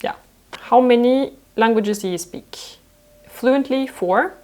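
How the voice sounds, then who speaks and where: A young woman from France, who speaks French as her first language, talks through viewer questions in a casual vlog. She is playful and quick to laugh. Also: fairly high pitch. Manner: lively, laughs often, playful. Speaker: fashion designer and vlogger.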